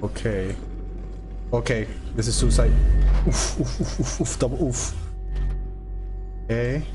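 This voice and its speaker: A man playing a horror game on stream, talking to himself and the game creatures in jumpy, nervous commentary. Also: medium pitch. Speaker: gameplay streamer. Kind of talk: let's play commentary.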